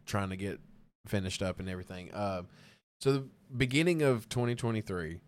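A man's voice: on the low side, fairly quick. A man, a podcast guest telling a story in a rambling, casual way, full of fillers and laughter. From Arkansas. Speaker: podcast guest, band vocalist.

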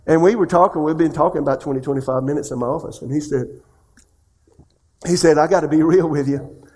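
A man's voice: on the high side, fast talker, pauses often. Man preaching a sermon. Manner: swings between loud questions and hushed confessions; asks the congregation direct questions. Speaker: pastor.

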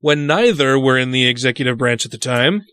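A man's voice: mid-range voice, animated, fairly quick, bright, forceful tone, clean tone, no room sound. A man hosting a podcast, reading news items and giving profane, indignant commentary. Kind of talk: casual chat.

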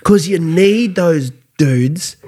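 Laughing bloke, pitched a touch high. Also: male voice, lively intonation, drawn-out words, warm tone, slightly rough. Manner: laughs often, acts out quotes. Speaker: podcast co-host. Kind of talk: casual pub chat.

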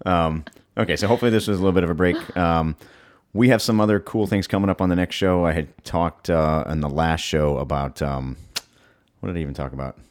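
A man's voice: low voice, steady tone, fairly quick, darkish tone. A man co-hosting a gym podcast in casual chat, rambling with many ums and restarts. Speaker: podcast co-host, gym owner.

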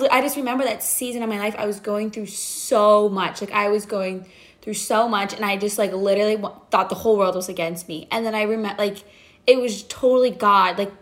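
A young woman talking casually about faith and patience, animated and full of filler words. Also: a little high. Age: young adult. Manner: chatty, animated storytelling, heavy "like" fillers. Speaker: podcast guest.

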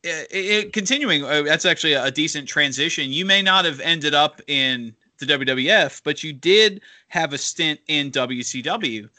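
A man co-hosting a wrestling talk show, asking long, halting questions with many restarts. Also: on the high side, lively intonation, pushed and bright. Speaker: podcast co-host interviewer. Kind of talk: casual interview.

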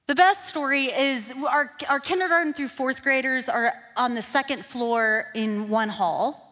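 A woman, a kids pastor preaching a sermon through lively, self-deprecating storytelling. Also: sits high. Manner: animated, self-deprecating, builds to emphatic peaks. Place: church. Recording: long hall reverb.

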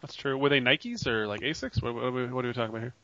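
A man's voice: mid-range voice, quick pace, sharp tone, dry recording, muffled recording. A man co-hosting a casual podcast, joking and teasing, and losing his voice. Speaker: podcast co-host.

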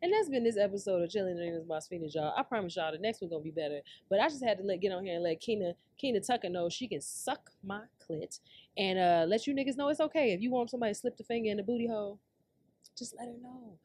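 A woman hosting her own podcast in brash, profane casual commentary, dropping to low mutters and then breaking into loud, high outbursts. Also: animated, quick pace. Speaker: podcast host.

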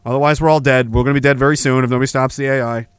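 A man's voice: medium pitch, fairly even intonation, racing, smooth, no echo. A man hosting a podcast, ranting angrily and with heavy profanity between reading chat messages, with sarcastic asides. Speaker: podcast host.

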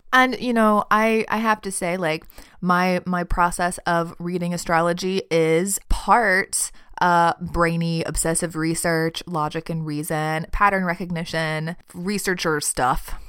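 Smooth, low-voiced woman hosting a podcast. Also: measured pace. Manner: chatty and warm-hearted, laughs often, says "y'all". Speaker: podcast host and tarot reader. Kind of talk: casual podcast monologue.

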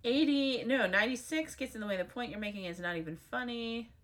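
Brisk and a bit bright, her slightly high voice works through numbered editor's notes read aloud. Wry, sarcastic remarks break into the reading.

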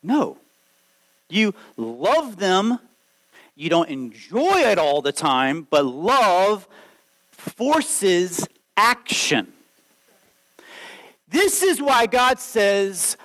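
A man in his late thirties preaching a sermon, lively and conversational, acting out quoted voices as he goes. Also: sits high, extremely slow, long pauses, poor audio. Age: 30s. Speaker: pastor.

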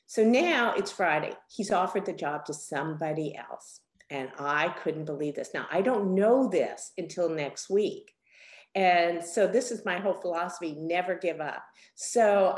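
Older lady telling a career story, lots of energy, roomy echo. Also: lowish voice. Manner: animated, acts out quotes. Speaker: guest. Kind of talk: storytelling interview. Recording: echoey room.

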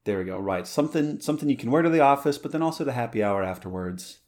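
A man co-hosts a podcast, chatting casually with a friend. His pitch moves around freely and he rambles, stacking fillers and restarting his sentences. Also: animated, fast talker, darkish tone. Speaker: podcast co-host. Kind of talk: casual chat.

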